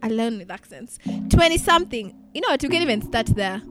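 A woman's voice: on the high side, very animated, fast, over music. A woman in her twenties from Kenya with a mixed Kenyan, British and Australian accent, chatting casually as a podcast co-host, laughing often and acting out quotes. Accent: mixed Kenyan, British and Australian English. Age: 20s. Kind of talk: casual chat.

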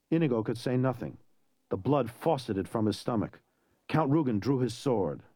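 A man narrating a story in an expressive, dramatic way. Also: mid-range voice, normal speed, breathy edge, dry recording. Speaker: audiobook narrator.

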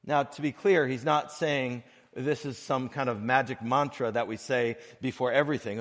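A man preaching a sermon as pastor of a church, earnest and measured, breaking his phrases with pauses and swinging between soft and loud. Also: mid-range voice, long reverb tail. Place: church sanctuary.

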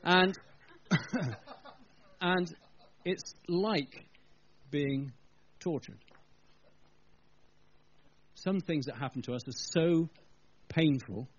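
Speaking extremely slowly with long pauses, a man with a somewhat high voice preaches to a church gathering. He tells the story conversationally and speaks straight to the congregation, captured on a dull, lo-fi recording.

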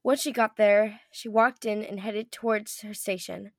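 A teenage girl reading narration in a homemade fan audio drama, her voice rising to shouts in emotional moments. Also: medium pitch, steady tone, a little slow, dry recording, clean studio sound. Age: teens. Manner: reads narration and voices several characters, shouting in emotional lines. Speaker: co-narrator and voice actor.

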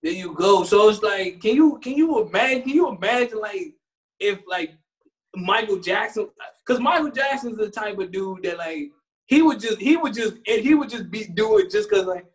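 A man, co-hosting a casual chat, animated and rambling, laughing often. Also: high voice, moderate pace. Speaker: co-host.

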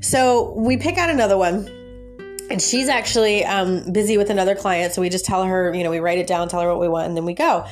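A woman casually telling her viewers a story, her voice jumping up in pitch and breaking into laughs as she relives the outrage. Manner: animated, jumps high in pitch when retelling her outrage, laughs often. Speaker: vlogger.

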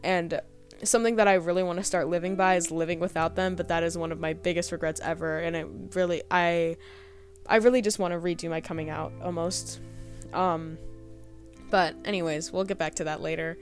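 Low-voiced young woman, rambling and hesitant. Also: steady tone, faint music behind. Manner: rambling, full of fillers and trailing pauses. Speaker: podcast host. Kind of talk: casual personal storytelling.

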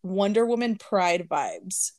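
A woman's voice: mid-range voice, very animated, takes it slowly, darkish tone. Giggly chatty woman co-hosting. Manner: giggly, chatty, lots of laughing. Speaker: podcast co-host. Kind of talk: casual chat, reading notes on a goddess.

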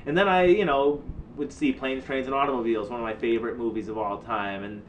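A man co-hosting a podcast, chatting casually with dry jokes and halting fillers. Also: mid-range voice, steady tone, slight background noise, poor audio. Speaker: podcast co-host. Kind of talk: casual chat.

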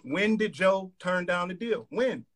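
A man in a heated argument on a live call, staying calm while pressing pointed questions. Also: high voice, a little slow, a little hiss or hum.

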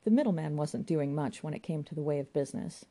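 A woman narrating a story in a wry, measured manner. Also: low voice, animated, mellow. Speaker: audiobook narrator.

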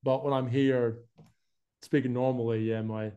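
A man's voice: medium pitch, unhurried, dull audio. A young man from Florida with a mixed American and Australian accent, chatting casually as an interview guest. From United States, Florida. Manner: relaxed, chatty, says "man" and "like" a lot. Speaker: guest, YouTube advertising specialist.

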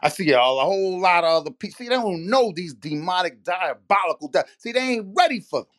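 Man, podcast host, angry rhetorical rant, bright voice. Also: sits high, animated, quick pace. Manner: heated, profane, rhetorical questions. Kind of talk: ranting monologue.

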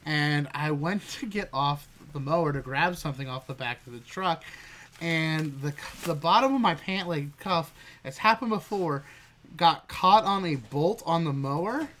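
A man's voice: on the high side, lively intonation, moderate pace, a bit bright, a little hiss or hum. A young man casually telling a funny work story as a podcast co-host, laughing and swearing freely.

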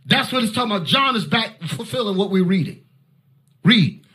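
A fiery male preacher with a high-pitched voice, driving his Bible teaching with force and sudden shouts. He barks short commands between points. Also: lively intonation, normal speed.

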